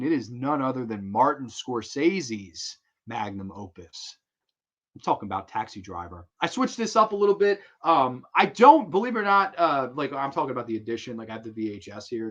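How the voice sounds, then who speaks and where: A man hosting a casual live show, talking in a rambling, profane, excitable way. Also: medium pitch. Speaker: host.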